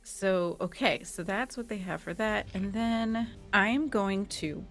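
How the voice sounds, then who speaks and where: A woman's voice: mid-range voice, takes it slowly, soft background music. A woman playing a tabletop game, loosely narrating what her character does. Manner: storytelling, loose and casual with fillers. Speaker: player.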